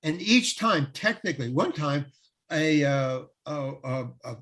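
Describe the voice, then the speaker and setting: An older man, a guest actor, telling a lively anecdote in an interview, acting out the quotes and laughing often. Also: fairly high pitch, a little slow. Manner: animated storyteller, acts out quotes, laughs often. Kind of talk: storytelling in an interview.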